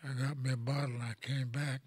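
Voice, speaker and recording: An older man from Oklahoma tells a personal story to an audience in a halting, plain-spoken way, often repeating words as he goes. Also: mid-range voice, little pitch movement, darkish tone, slightly rough, no echo. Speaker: elder speaker.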